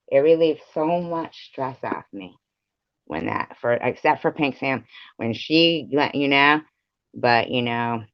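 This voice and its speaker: A man's voice: mid-range voice, creaky, no echo. Profane rambling man on a dull stream. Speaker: live streamer. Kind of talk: ranting live stream chat. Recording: dull lo-fi live stream audio.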